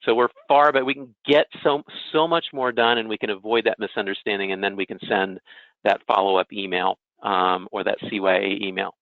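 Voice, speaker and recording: Man, webinar presenter, low voice, casual conversational delivery, tinny phone-like sound, dry. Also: fairly even intonation, a little fast, no echo. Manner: casual, asks listeners "right?".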